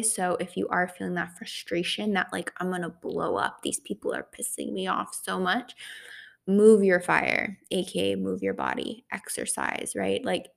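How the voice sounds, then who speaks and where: A woman's voice: mid-range voice, gravelly. A young woman hosting an astrology podcast, talking casually and chattily with lots of fillers. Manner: chatty, full of "like" and "right?" fillers. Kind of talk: casual solo podcast talk.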